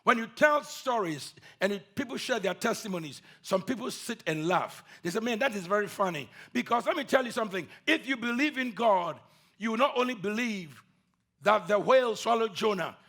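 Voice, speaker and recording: A man's voice: high voice, lively intonation, moderate pace, bright, forceful tone. A man preaching a sermon, telling a story with emphatic, repeated phrases.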